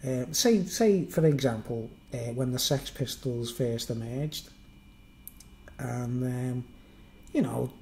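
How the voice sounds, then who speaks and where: Mellow-voiced Merseyside man rambling on a stream. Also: mid-range voice, slow, slight background noise, low-quality recording. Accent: toned-down Merseyside. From Merseyside, England. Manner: rambling, self-mocking, chatty with many fillers. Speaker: live streamer. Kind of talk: casual live-stream monologue.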